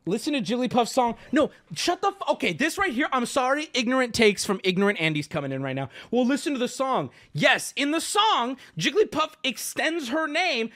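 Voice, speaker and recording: A man's voice: very high-pitched, very animated, normal speed, sharp tone. A man streaming live, ranting at his chat in an exasperated, profane, argumentative way. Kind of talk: livestream rant to chat.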